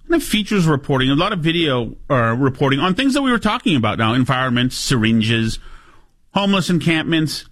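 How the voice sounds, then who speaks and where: A man's voice: a little high, fairly bright tone. Sardonic talk radio host, man. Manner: sardonic, digressive, with filler pauses. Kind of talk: opinionated radio commentary.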